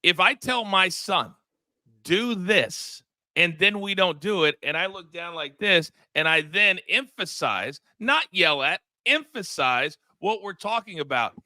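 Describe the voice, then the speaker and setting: A man hosting a live sports betting show, leading the panel with emphatic, energetic talk. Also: high-pitched, unhurried, hardly any pauses, no room sound. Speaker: host.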